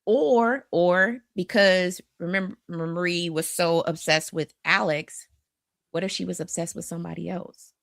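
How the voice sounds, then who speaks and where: A woman co-hosting a casual podcast about horror films, talking in an animated way, often restarting her sentences and acting out the quotes she gives. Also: lowish voice, measured pace, creaky, no echo, clean studio sound. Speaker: podcast co-host. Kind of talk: casual horror film discussion.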